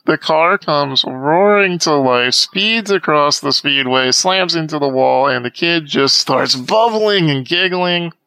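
A man telling a story as a podcast guest, lively and acting out the voices of the people in it. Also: on the high side, slow pace, gravelly, hardly any pauses, clear, resonant tone, no room sound, rough recording. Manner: animated storyteller acting out quoted dialogue. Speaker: guest, accessibility advocate. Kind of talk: conversational storytelling.

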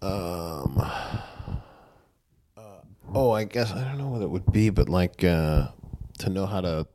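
A man's voice: deep voice, expressive, unhurried, dark tone, slight background noise. A man who is a guest on a podcast, telling stories in a laid-back way and laughing easily. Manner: laid-back storyteller, laughs easily, acts out voices in anecdotes. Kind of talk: casual conversational interview.

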